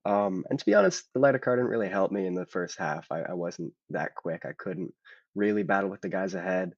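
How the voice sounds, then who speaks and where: A man's voice: low-pitched, expressive, brisk, dry recording, highs cut off. A man who drove the race, explaining his strategy in a hesitant way, with many ums and likes. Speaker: race driver being interviewed. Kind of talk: casual interview answers.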